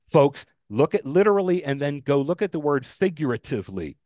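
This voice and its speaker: A man's voice: fairly high pitch, big pitch swings, a little fast, a little mellow, no room sound, studio quality. A man co-hosting a casual podcast, ranting about a pet peeve, swearing freely and restarting his sentences. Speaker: podcast co-host.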